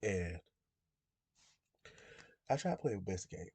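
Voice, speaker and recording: Young man, 20s, low gravelly husky voice, a bit sick, rambling casual YouTuber chat, dry close recording. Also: big pitch swings, drawn-out words, a little mellow, dry recording. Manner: rambling, conversational, self-correcting. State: sick, under the weather. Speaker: gaming YouTuber.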